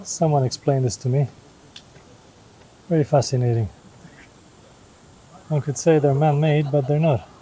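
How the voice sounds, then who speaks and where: A man's voice: fairly high pitch, steady tone, a little slow, long pauses, warm tone, slight background noise, poor audio. A man vlogging while walking through a river gorge, explaining the sights to a handheld camera in a casual, chatty way. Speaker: travel vlogger. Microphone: handheld camera held aloft.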